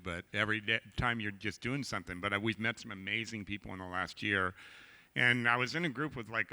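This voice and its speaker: A man's voice: on the low side, pushed and bright, clean tone. A man hosting an on-stage conversation and speaking about his guest with enthusiasm and praise. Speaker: host, golf club manager.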